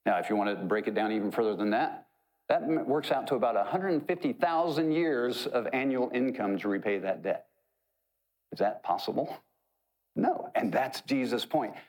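A man's voice: medium pitch, normal speed, a little mellow, poor audio. A man preaching a sermon, retelling a parable in a conversational, joking way. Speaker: pastor.

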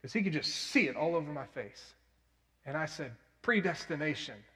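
Earnest preacher in a reverberant hall. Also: male voice, a little high, animated, moderate pace. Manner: earnest storytelling preacher with sudden loud emphatic bursts. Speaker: pastor. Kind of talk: sermon.

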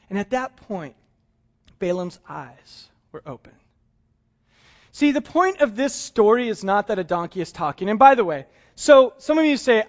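A man's voice: very high-pitched, very animated, moderate pace, dull audio. A man preaching a sermon in a conversational, humorous way, chuckling often. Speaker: pastor.

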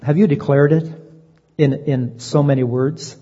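A man preaching a sermon in an earnest voice, slowing down to stress key phrases. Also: fairly high pitch, steady tone, dark tone, slightly rough. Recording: dull lo-fi sound, long reverb.

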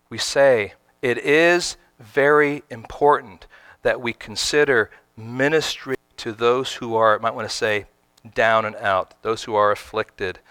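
A man preaching with a bright, forceful voice that stays smooth and crisp. He presses his points emphatically and keeps turning to the congregation with questions. The sound is close and dry. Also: medium pitch, no room sound. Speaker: pastor. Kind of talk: sermon.

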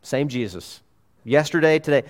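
A man preaching a sermon as a pastor in a church, emphatic, repeating key phrases and swinging between loud urgency and hushed tones. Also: medium pitch, lively intonation, moderate pace.

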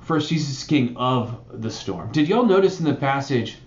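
A man delivers a sermon in an animated, chatty way and keeps checking in with his listeners. His voice sits at an ordinary pitch. The sound is roomy and slightly muffled, as if it were recorded in a church hall. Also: moderate pace. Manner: conversational, animated preaching with frequent "right?" asides. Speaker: pastor.

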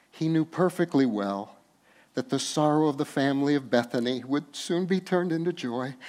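A man preaching from the pulpit with a slightly raised voice. He drops to slow, quiet tenderness, then climbs into loud, laughing emphasis. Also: fairly high pitch. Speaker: pastor. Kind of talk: sermon.

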